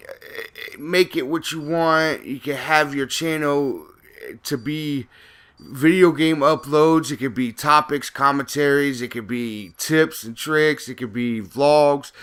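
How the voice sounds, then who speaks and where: Bright-voiced man ranting profanely. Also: on the high side, slow, clear, resonant tone. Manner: profane, rambling, heated. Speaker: gaming YouTuber. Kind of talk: casual ranting commentary.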